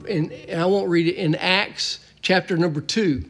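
A man preaching a sermon to his church, folksy and plain-spoken, now and then shouting a word for emphasis. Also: high-pitched, steady tone, normal speed, hardly any pauses, music in the background. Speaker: pastor. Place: church sanctuary.

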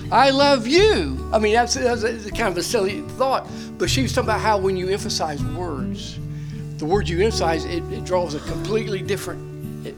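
Older pastor preaching earnestly. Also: male voice, high voice. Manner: earnest Bible teaching with asides and laughs. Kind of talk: sermon.

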